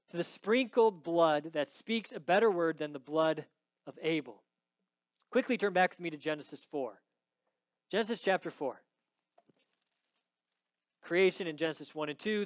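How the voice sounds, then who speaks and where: A man preaching a sermon, swinging between hushed, intimate lines and loud, emphatic ones. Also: a little high, moderate pace, long pauses, no room sound. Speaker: pastor.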